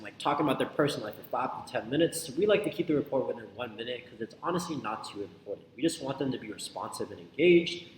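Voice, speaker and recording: A man coaching on sales calls, talking loosely with many fillers and check-in questions. His voice sits at an ordinary middle pitch. The recording is roomy, with a long reverb tail and a faint hum of ambient noise behind him. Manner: filler-heavy, loose and conversational, repeats "like" and "right?". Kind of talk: casual teaching talk.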